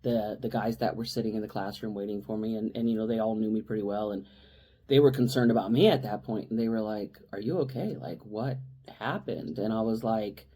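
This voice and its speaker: A woman's voice: very deep voice, steady tone, quick pace, mellow. Rambling woman telling a story. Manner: rambling, with frequent restarts and asides. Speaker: podcast co-host. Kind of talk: casual storytelling chat.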